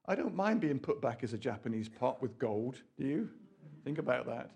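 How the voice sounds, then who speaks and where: A man preaching a sermon in an animated, rambling way, full of asides and questions to the audience. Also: mid-range voice, moderate pace, gravelly, slightly rough.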